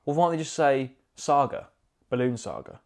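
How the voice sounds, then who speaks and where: Jokey podcast co-host. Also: male voice, medium pitch, lively intonation, moderate pace, a little mellow. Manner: jokey, sweary, acts out quoted voices. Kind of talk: casual chat.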